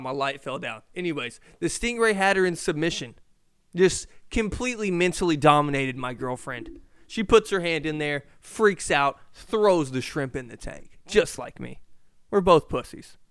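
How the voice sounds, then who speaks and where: A man hosting a casual solo podcast, telling a story in an animated, profane way. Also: fairly high pitch, normal speed, smooth, dry recording, clean studio sound. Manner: animated, profane, shouts in reenactments. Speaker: podcast host. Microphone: podcast mic.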